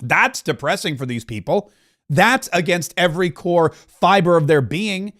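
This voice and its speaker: High-pitched male host, fiery commentary, hammers points home. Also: expressive, unhurried, a bit bright. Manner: impassioned, repetitive, restarts mid-sentence. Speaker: podcast host. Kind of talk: political commentary.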